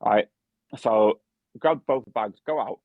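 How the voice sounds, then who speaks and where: A young man spins a long story over casual podcast chat, cursing constantly and tripping over his own restarts. His voice sits on the low side. The sound is dry and dull, like a lo-fi podcast mic. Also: takes it slowly, dry recording. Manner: swears heavily, lots of restarts and fillers. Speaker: podcast co-host and barman.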